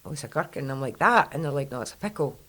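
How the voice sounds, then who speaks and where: A Scottish woman with a mixed Fife and West Coast accent, hosting a casual podcast chat and telling animated stories. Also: very deep voice, rapid-fire. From Scotland. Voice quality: chatty, animated storyteller. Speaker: podcast host.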